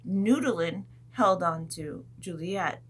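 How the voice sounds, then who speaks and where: A woman teacher telling a story to young children in a gentle, animated way, adding sound effects as she goes. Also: on the low side, slow pace, very noisy.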